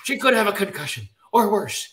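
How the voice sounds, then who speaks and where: A man's voice: high-pitched, sing-song, a little fast, a bit bright, voice pushed up. A man voicing a panicked Irish hero in a thick put-on brogue, reading in an over-the-top theatrical way. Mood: frantic, accusing.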